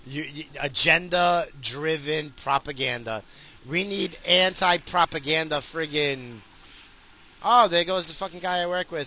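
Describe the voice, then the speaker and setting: A man in a profane, angry vlog rant, swearing constantly and bursting into loud outbursts. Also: moderate pace. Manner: mocking, drifting into sudden high voices. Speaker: vlogger.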